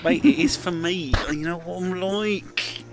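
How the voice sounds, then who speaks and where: A man's voice: high voice, a little slow, faint music behind. A man chatting and swearing while playing a co-op game with friends. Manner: swearing, laughing, excitable. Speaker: gamer. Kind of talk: casual game chat.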